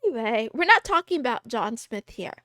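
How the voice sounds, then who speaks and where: A woman's voice: on the high side, sing-song, fairly quick, sharp tone, no echo, clean studio sound. Giggly, rambling young woman streamer. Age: 20s. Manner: rambling, giggly, self-deprecating. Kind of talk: casual livestream chat.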